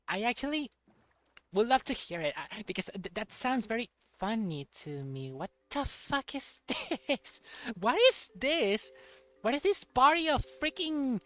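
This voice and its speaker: A young man streaming a game, chatting casually in a halting way and repeating words. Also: very high-pitched, sharp tone. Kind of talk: casual chat while playing a game.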